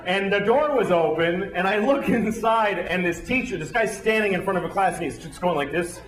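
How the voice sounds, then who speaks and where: A man doing a profane, animated stand-up set before a live audience, acting out voices as he tells his stories. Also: high-pitched, moderate pace, far from the mic. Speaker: stand-up comedian. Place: comedy club stage. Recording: roomy club with loud crowd laughter.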